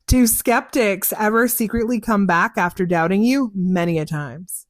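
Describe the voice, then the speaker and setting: A woman's voice: mid-range voice, moderate pace, no echo, studio quality. A young woman hosting a show, chatting candidly about her psychic work, laughing often and acting out conversations. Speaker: psychic podcast host. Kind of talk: casual chat answering listener questions. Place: car.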